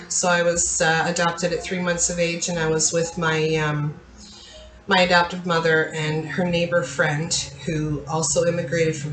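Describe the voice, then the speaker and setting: A woman's voice: fairly low pitch, fairly bright tone. A woman host speaking candidly to her listeners, telling a personal story in a confiding way with frequent fillers. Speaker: therapist and channel host. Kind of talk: personal talk to camera. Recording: roomy echo with faint ambience.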